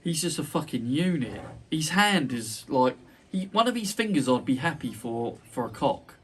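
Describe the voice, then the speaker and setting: A man's voice: medium pitch, sing-song, moderate pace, fairly bright tone, breathy edge. A man hosting a casual podcast chat, boisterous, joking and sweary. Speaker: podcast host. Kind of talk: casual banter. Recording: distant mic with faint noise.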